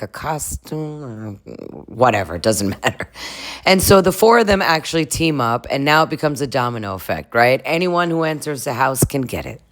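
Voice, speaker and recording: A woman chatting casually through a reality TV recap, crude and laughing often, mimicking the people she talks about. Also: rumbling low. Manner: chatty and crude, laughs a lot, puts on voices for cast members. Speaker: recap vlogger.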